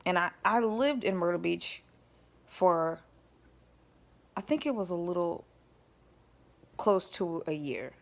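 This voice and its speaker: A woman's voice: on the low side, expressive, takes it slowly, gravelly, long pauses. A woman vlogger telling a personal story in a rambling, casual way, often stopping to check in with her listeners. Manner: rambling, checks in with listeners, addresses them as y'all.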